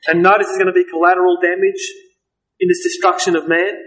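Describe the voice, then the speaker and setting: A man preaching a sermon, earnest and emphatic, slowing down to stress key words. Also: sits high, little pitch movement, a bit bright, rough recording.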